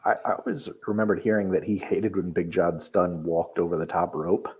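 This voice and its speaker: A man's voice: sits low, steady tone, a little fast, darkish tone, husky. A man co-hosting a casual podcast, wry and laid-back as he muses over a wrestling match. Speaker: podcast co-host.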